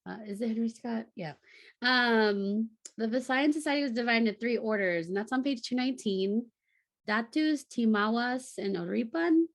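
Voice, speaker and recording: Gravelly-voiced woman podcast co-host. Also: fairly high pitch, moderate pace, no echo. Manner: chatty, laughs, trips over long words. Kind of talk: casual book club chat.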